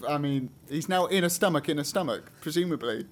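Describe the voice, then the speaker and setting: A man's voice: fairly high pitch, fast talker. A man co-hosting, reacting to a story with wry, joking comments. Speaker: podcast co-host. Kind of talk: casual chat.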